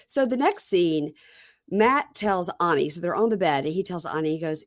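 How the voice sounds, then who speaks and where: A woman's voice: fairly low pitch, moderate pace, dry recording, clean studio sound. A woman podcast host in casual chat, retelling scenes with quoted dialogue in a wry, exasperated way. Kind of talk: casual chat recapping a reality show.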